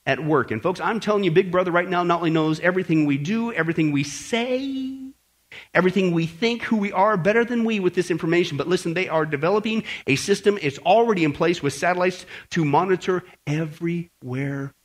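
A man preaching a prophecy sermon, emphatic and animated, often checking in with "okay?" and mocking asides. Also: high voice, brisk.

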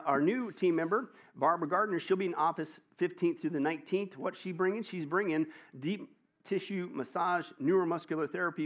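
A male pastor reads out church announcements with a playful, joking manner, often asking a question and answering it himself. His voice sits a little high. The recording sounds dull and lo-fi. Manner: jokey, upbeat, asks and answers his own questions.

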